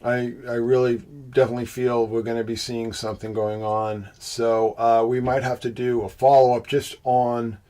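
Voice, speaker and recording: A man's voice: medium pitch, level tone, moderate pace, hardly any pauses, warm tone. A man hosting a livestream, out of breath and congested, hesitating with many fillers as he thanks viewers by name and makes insinuating asides. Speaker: host of a livestream presentation. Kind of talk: casual livestream chat, reading viewer comments.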